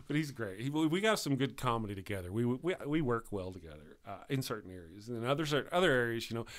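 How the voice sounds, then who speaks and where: A man's voice: mid-range voice, lively intonation, fast talker. A man hosting a live stream show, talking in a chatty, rambling way and often correcting himself.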